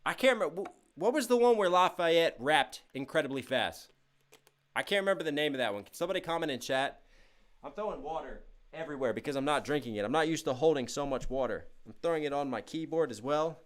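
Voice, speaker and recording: A young man chats casually on his home livestream, shouting out donors and chat. His voice sits slightly high for a man. He sounds a bit worn out but keeps pushing the energy up. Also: lively intonation, fast talker. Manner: upbeat, hyped shout-outs to chat. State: tired. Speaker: livestream host.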